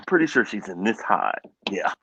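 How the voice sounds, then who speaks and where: A man, co-hosting a live reptile stream in casual, excitable chat and calling people brother. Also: on the low side, unhurried, creaky, slight background noise. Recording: dull, dry lo-fi stream audio.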